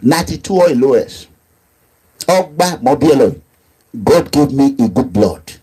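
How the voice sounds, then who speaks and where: Very animated yet measured in pace, this middle-aged activist leader has a Nigerian accent and a dark, slightly rough voice. His impassioned monologue is emphatic and repetitive, punctuated by low asides and raised outbursts.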